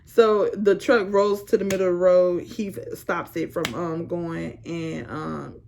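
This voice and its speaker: Young woman vlogger, gravelly voice, slangy and animated, laughing through the story. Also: on the low side, unhurried, noisy background. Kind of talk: casual storytime.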